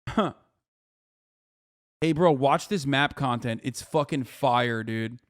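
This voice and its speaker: A man in his thirties giving casual live-stream commentary, blunt, mocking and profane, talking fast in bursts. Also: medium pitch, no room sound, clean studio sound. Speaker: political streamer.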